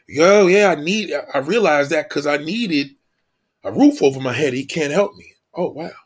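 A man playing a desperate, broke family man who pleads in a rushed, sighing way. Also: a little high, animated, husky, pitched above the performer's own voice.

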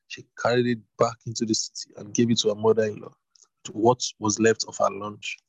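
A man's voice: fairly low pitch, flat delivery, brisk, vocal fry, slightly rough, dry recording, rough recording. A man reading a Bible story aloud, voicing the characters and adding casual asides. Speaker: reader.

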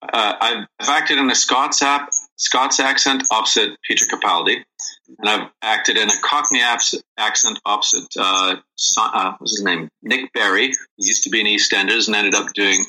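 A man's voice: lowish voice, steady tone, normal speed, pushed and bright, poor audio. A middle-aged male actor chatting casually in an interview, rambling with many restarts. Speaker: actor guest.

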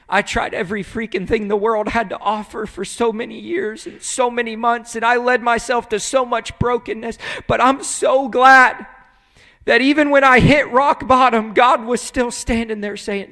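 A male pastor preaching a conversational sermon, acting out little dialogues and swinging between loud outbursts and hushed, emotional moments. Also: high voice, steady tone, a little slow, long reverb tail.

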